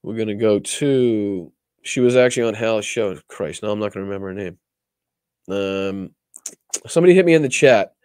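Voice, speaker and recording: A man's voice: lowish voice, normal speed, darkish tone, smooth, dry recording, clean studio sound. A man hosting a political livestream, talking casually with a lot of profanity and rambling restarts. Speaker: political talk show host.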